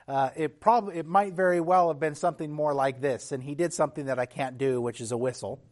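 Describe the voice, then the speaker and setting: Speaking at normal speed in a mid-range, darkish-toned voice, a male pastor teaches through a sermon with an earnest tone. There are restarts and occasional throat clearing.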